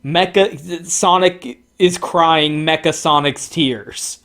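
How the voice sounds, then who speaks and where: Profane, sarcastic man ranting slowly. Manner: swings between excited highs and mocking lows. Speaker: comic book reviewer. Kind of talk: profane commentary reading comic panels.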